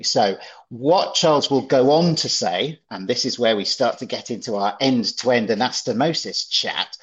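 Measured man on a dull line. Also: mid-range voice. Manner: thoughtful, measured, explains step by step. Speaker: podcast co-host with medical expertise. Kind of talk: casual explanatory chat.

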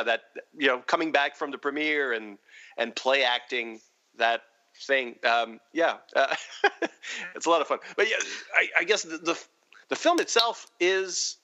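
A man talking through a film on a podcast in a casual way, pausing often with fillers and restarts. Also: medium pitch, sharp tone, lo-fi sound. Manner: halting, many fillers and restarts. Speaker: podcast panelist.

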